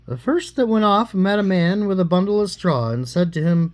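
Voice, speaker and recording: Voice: medium pitch, animated, moderate pace, a little mellow. An adult reading a fairy tale aloud to a child at home, in a playful, teasing storytelling manner. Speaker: bedtime story reader.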